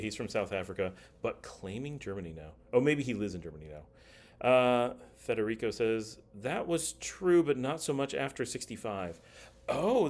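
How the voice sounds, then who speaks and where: A man's voice: mid-range voice, darkish tone. A middle-aged man hosting a casual livestream, chatting and reading viewer comments aloud. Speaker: livestream host.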